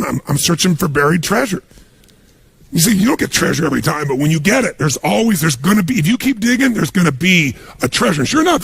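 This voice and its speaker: Male motivational speaker, gravelly husky voice, animated storyteller. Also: sits high, dry recording. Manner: storytelling, acts out quoted voices. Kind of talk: motivational talk.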